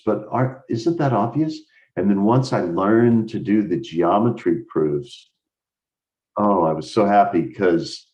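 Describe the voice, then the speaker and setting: A deep-voiced American man teaches a live math lesson, explaining each step with eager enthusiasm and thinking aloud as he works. His tone is dark and mellow. The audio comes through a video call and sounds slightly dull and lo-fi. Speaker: instructor.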